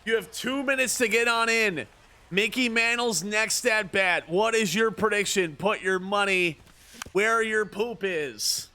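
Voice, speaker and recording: Excitable joking male game streamer. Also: sits high, unhurried. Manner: joking, excitable, ribbing his chat. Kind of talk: casual livestream gaming commentary.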